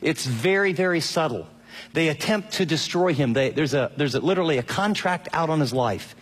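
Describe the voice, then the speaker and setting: A middle-aged male pastor preaching an animated sermon, acting out quotes in shifting voices. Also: fairly high pitch, fairly quick, slightly rough, long reverb tail. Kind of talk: radio sermon.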